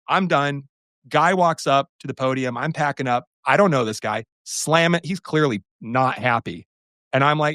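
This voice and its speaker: Animated man telling a story, dry sound. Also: medium pitch, a little fast, no echo. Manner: animated storyteller who acts out quoted exchanges. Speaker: podcast co-host. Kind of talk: casual podcast conversation.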